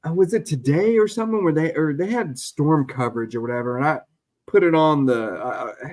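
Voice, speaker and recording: A man's voice: a little high, brisk, a little mellow. A man co-hosting a podcast in casual chat, rambling and trailing off as he talks. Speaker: podcast co-host.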